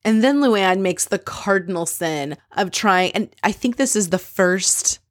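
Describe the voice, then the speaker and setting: A woman's voice: medium pitch, lively intonation, a little slow, dry recording, studio quality. A woman casually recapping a reality show episode, opinionated and candid, swearing freely as she quotes what others said.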